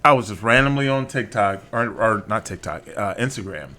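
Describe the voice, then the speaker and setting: A man's voice: on the low side, fairly quick. A man co-hosting a podcast, telling stories in casual chat with frequent laughs and restarts. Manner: animated, laughing storyteller with many restarts. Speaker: podcast co-host.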